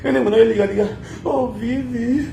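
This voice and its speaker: Man mimicking a moaning woman, Nigerian accent, slow sighing drawn-out voice, high, echoey room. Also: creaky, mellow. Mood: mocking moans. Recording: echoey room, faint noise.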